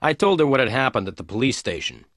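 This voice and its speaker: A man reading a detective story aloud in clear, measured narration for English learners. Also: medium pitch, big pitch swings, a bit bright, no echo, studio quality. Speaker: audiobook narrator.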